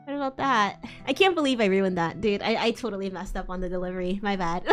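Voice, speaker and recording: A woman's voice: mid-range voice, fast, faint music behind. A young woman streamer giving a dramatic, mocking live reading, with the odd stumble over words.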